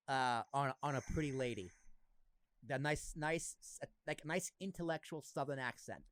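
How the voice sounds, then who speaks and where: A man's voice: on the high side, unhurried, fairly bright tone, smooth, no echo. A young man with a light Boston accent hosting a podcast in casual chat, jumping between thoughts and often laughing. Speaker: podcast host.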